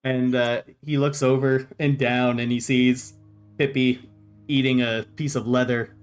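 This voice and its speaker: A man's voice: mid-range voice, level tone, measured pace, smooth, soft background music. A man narrating a tabletop game as game master in a loose, chuckling way with many fillers.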